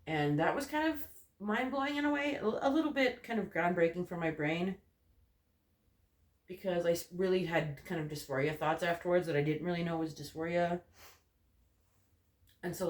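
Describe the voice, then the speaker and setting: A man's voice: fairly high pitch, normal speed. A young man vlogging from his bedroom in a candid, rambling way, full of "like" and "you know". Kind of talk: casual personal ramble to camera. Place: bedroom corner. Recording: roomy bedroom echo.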